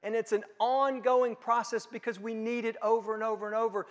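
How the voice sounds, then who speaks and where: A man's voice: very high-pitched, flat delivery, brisk. Emphatic preacher man in a reverberant hall. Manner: emphatic preaching, swinging from hushed to loud. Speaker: pastor. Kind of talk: sermon.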